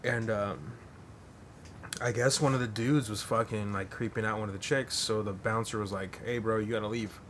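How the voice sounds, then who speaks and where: A man's voice: lowish voice, fairly even intonation, moderate pace, a bit bright, slight background noise. A man hosting a podcast, telling a long story in a rambling, profane way full of fillers. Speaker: podcast host. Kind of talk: casual storytelling.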